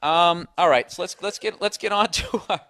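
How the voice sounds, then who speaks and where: A man's voice: sits high, normal speed, pushed and bright, dry recording, studio quality. A man hosting a podcast, talking in a blunt, profane, ranting way, mocking himself as he goes. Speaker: podcast host. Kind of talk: casual chat.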